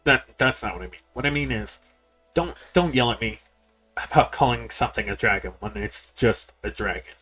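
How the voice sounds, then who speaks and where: A man's voice: fairly low pitch, lively intonation, normal speed, husky, faint music behind. A man giving casual, rambling commentary while playing a game, often repeating words and talking straight to his viewers. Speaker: game streamer. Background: people yelling in the background.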